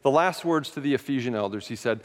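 A man's voice: mid-range voice, lively intonation, fast. A man preaching a sermon as a pastor, telling stories in a candid, self-mocking way. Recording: long hall reverb.

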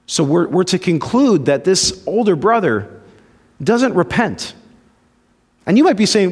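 Animated high-voiced male preacher in a reverberant hall. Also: a little slow, long pauses, husky. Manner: animated, swings between loud emphasis and hushed low lines, acts out quoted voices. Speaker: pastor. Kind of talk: sermon.

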